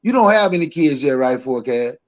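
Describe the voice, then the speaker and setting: A man, co-hosting a podcast and giving his opinions emphatically, repeating himself and climbing higher as he gets worked up. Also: expressive, a little fast, lo-fi sound. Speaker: podcast co-host. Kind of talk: heated opinion talk.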